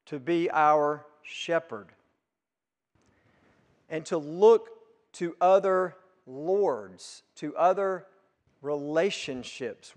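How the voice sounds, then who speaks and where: A man preaching a sermon as pastor, emphatic, swelling loud on key words and dropping low on others. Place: church sanctuary. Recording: long reverb of a church hall.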